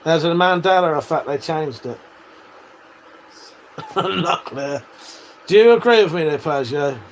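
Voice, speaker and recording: An English man in his forties bantering with his chat, reading out comments, laughing and swearing freely. His voice sits a little high for a man. A faint background hiss runs under the talk. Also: animated, a little slow. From England. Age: 40s. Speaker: live streamer. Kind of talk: casual live-stream chat reading viewer comments.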